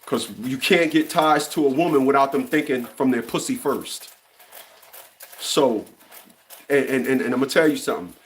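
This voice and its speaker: A man's voice: mid-range voice, moderate pace, a little hiss or hum. A man in his fifties delivering a blunt, profane opinion rant, often stumbling and repeating words as he restarts. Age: 50s. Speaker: commentary channel host.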